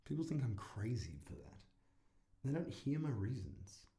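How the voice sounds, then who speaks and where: A vlogger rambles to camera in a relaxed, self-mocking way, swearing all the time and laughing at his own humour. His warm, medium-pitched voice swings widely in pitch at a moderate pace, and faint noise echoes around the room.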